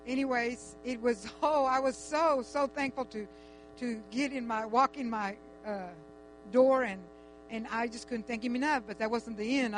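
An older woman tells a long personal story in a casual, animated way, full of restarts and quoted dialogue. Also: fairly high pitch, low-quality recording. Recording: faint music and mains hum.

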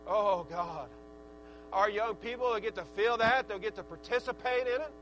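A man preaching a sermon, with a rhythmic preaching cadence that swells into excited shouts. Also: high-pitched, normal speed, a little hiss or hum, poor audio. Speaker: pastor.

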